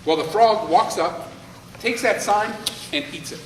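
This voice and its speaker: A man telling a folktale aloud in an animated way, with dramatic pauses. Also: high voice, noisy background. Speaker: storyteller. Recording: echoey hall, voice from far off, faint ambience.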